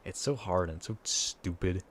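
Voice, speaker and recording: A young man with a fairly low voice in a loose podcast conversation. He cracks jokes, curses freely, and laughs along with his co-host. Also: a little slow, slight background noise. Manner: joking, profane, laughs often. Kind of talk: casual chat.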